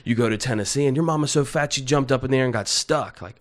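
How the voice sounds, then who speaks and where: A man who is an aspiring comedian, a podcast guest in casual chat, telling stories in a relaxed way with laughs. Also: mid-range voice, quick pace. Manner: relaxed storyteller, laughs while telling anecdotes.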